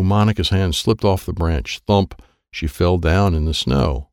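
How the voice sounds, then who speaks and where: Deep gravelly man reading a children's book. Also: a little slow, a little mellow, no room sound, clean studio sound. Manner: simple first-person telling as a boy. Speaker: audiobook narrator. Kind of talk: children's storybook narration.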